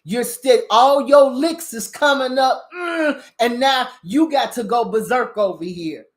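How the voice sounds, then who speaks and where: A woman's voice: a little high, a little slow. A woman giving a heated, profanity-laced rant on current events, combative and emphatic as she talks straight to her viewers. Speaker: spiritual commentator on current events.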